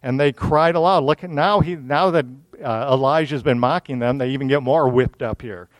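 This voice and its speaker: A man's voice: medium pitch, normal speed, no echo. A man preaching a sermon, reading a scripture passage aloud and explaining it in plain everyday words. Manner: mocking, animated asides.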